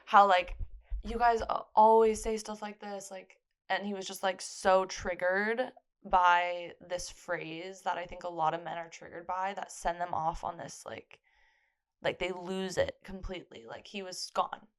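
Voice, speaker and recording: A woman's voice: fairly low pitch, steady tone, unhurried. A young woman co-hosting a casual chat podcast, telling a story at length and leaning on "like" as a filler. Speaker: podcast co-host.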